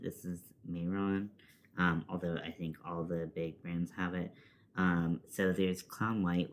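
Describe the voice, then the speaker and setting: Slow deep-voiced man chatting through makeup. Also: slight background noise. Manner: rambling, self-deprecating, swears under breath. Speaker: makeup vlogger. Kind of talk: casual makeup tutorial chat. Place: at home, seated at a desk with a laptop.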